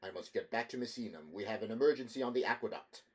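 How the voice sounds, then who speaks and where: A man voicing a blunt, impatient water engineer in an audiobook reading, speaking curtly and a little louder. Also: lowish voice, fast talker, close to an everyday voice. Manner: curt, impatient.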